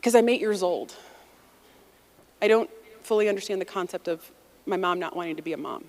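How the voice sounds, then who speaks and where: Speaking fairly quickly in a voice on the low side, a woman in her forties from the US shares a personal story with an audience. Her telling is lively and chatty, and she performs the quotes.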